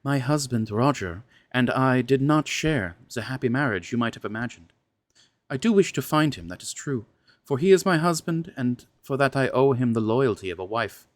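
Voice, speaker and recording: A man voicing a frank, seductive aristocratic woman, speaking in a husky, formal and measured way in a storybook reading. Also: mid-range voice, lively intonation, dry recording, close to an everyday voice. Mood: intimate, pleading.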